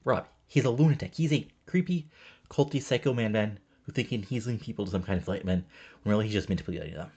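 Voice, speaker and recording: Brief: pushy schemer of a manager, husky and low, played by a man. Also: fast, a little mellow, highs cut off. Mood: scornful. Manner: pushy, scornful, demanding. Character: scheming fast-talking male wrestling manager.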